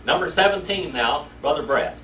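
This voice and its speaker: A man's voice: a little high, expressive, normal speed, sharp tone. Folksy man teaching a Bible class. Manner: folksy, colloquial storytelling. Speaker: Sunday school teacher. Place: church classroom. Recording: echoey room, distant mic, faint noise.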